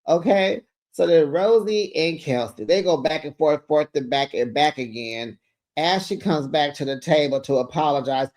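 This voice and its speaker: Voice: medium pitch, a little slow. A host giving a casual recap of a reality show, sassy and gossipy, breaking into exclamations and laughs while retelling.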